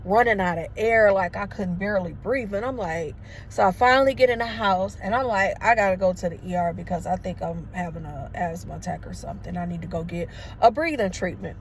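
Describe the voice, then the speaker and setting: A woman's voice: lowish voice, brisk, a little hiss or hum. A woman in her thirties telling a personal story to her viewers in a casual, emotional way. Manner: emotional, conversational, addresses viewers as y'all. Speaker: vlogger. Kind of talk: storytelling to camera.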